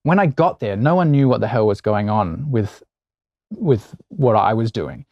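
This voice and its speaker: A man's voice: fairly low pitch, normal speed, no echo, highs cut off. Australian man telling stories. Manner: animated anecdotes with quoted voices. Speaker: actor guest. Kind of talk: casual interview storytelling.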